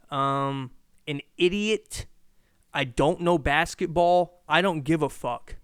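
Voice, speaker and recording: A young man riffs through a solo podcast, swearing freely and wandering between sports takes and household gripes. His voice sits a little high and comes through smooth and clear. The mic is held close, with a dry, dead room. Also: slow pace, dry recording. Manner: profane, rambling, animated rants. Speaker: podcast host. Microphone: handheld mic.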